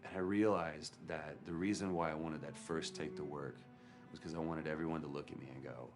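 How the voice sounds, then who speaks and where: For a documentary interview, a male actor looks back on a hard shoot with candor and self-mockery, telling it as a story. His extremely low voice holds a steady tone, runs a little fast, and plays over music.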